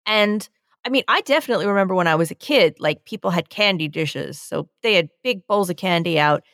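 A woman in casual chat, telling a story eagerly and acting out the scenes with quick laughs. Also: on the low side, lively intonation, fairly bright tone, dry recording, clean studio sound. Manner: enthusiastic storyteller, laughs easily, acts out movie scenes.

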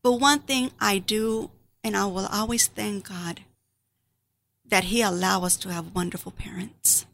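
Slow, creaky-voiced grieving middle-aged woman. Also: medium pitch, steady tone, a bit bright. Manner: earnest, grieving, reflective. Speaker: speaker giving a family testimony. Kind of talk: personal testimony.

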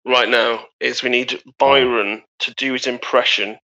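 A man co-hosting a casual wrestling podcast, joking and chiming in quickly. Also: mid-range voice, fairly even intonation, sharp tone, dull audio. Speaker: podcast co-host.

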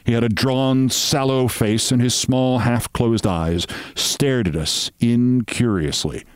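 A man reads a story aloud with wry, deliberate storytelling. His voice sits at a middle pitch for a man. The recording is dry and close, with no room sound. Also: clean tone, dry recording. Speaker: host reading a story aloud. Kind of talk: storytelling narration.

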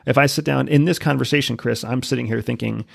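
Gravelly guy with a husky voice, podcast guest breaking stuff down confidently, dry sound. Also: medium pitch, fairly even intonation, quick pace, no echo. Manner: confident, explanatory. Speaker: podcast guest, former spy. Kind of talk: casual interview talk.

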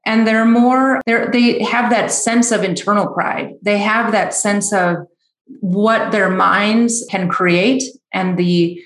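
A woman's voice: mid-range voice, fairly even intonation, slow pace, echoey room. A middle-aged woman speaking as a guest author in a podcast interview, earnest and reflective, sometimes getting choked up.

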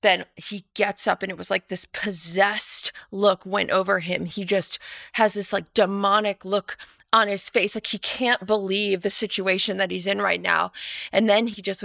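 A woman's voice: medium pitch, gravelly, a bit bright, dry recording, studio quality. A young woman telling a personal story as a guest in a casual chat. She laughs often and acts out what people said.

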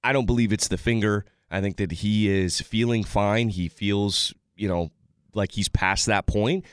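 A man's voice: on the low side, fairly even intonation, a little slow, clear, resonant tone, no echo, clean studio sound. A man giving casual sports analysis on a talk show, rambling with frequent restarts and fillers.

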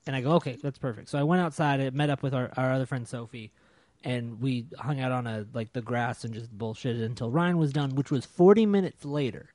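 A man's voice: medium pitch, brisk, no room sound. Swearing, storytelling man in a dry room. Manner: animated storyteller, swears a lot, exasperated. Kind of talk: casual chat.

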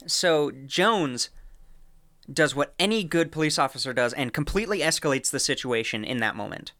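A woman co-hosting a podcast, telling a story in casual chat, animated and laughing often as she acts out quotes. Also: deep voice, moderate pace, no room sound, clean studio sound. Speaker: podcast co-host.

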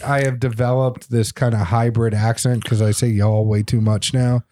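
A middle-aged man from Boston, a podcast guest, telling stories in casual, animated chat. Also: mid-range voice, normal speed, few pauses. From Boston area. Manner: chatty, animated storyteller.

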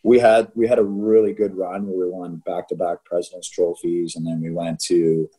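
A former hockey player chatting casually on a podcast, his voice low and mellow. He tells stories with animation and acts out other people's lines. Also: moderate pace, rough recording. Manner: animated storyteller, laughs often, acts out quotes. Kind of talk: casual chat.

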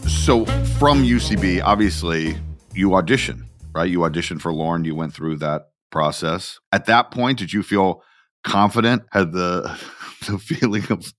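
A man's voice: low-pitched, a little slow, fairly bright tone, soft background music. A man hosting a casual interview, asking loose, rambling questions and laughing easily. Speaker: podcast host.

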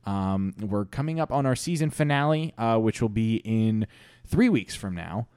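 A man's voice: on the low side, animated, normal speed, a little mellow, smooth, no echo. A man hosting a comedy podcast in a casual, rambling way, full of fillers. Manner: rambling, filler-heavy, chuckling. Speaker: podcast host.

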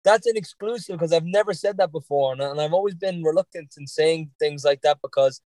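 A man's voice: a little high, a little fast, darkish tone, no room sound. An Irish man with a light Dublin accent that has a touch of Boston in it. He is a podcast guest telling stories in a rambling, profane way and laughs often. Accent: Irish, Dublin leaning, slight Boston. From Ireland. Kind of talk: casual interview chat.

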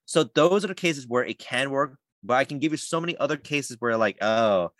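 A man who works as a voice actor, talking in a casual podcast interview, animated and chatty with lots of fillers. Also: medium pitch, brisk, dry recording. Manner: animated, lively storytelling with many fillers. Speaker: voice actor guest.

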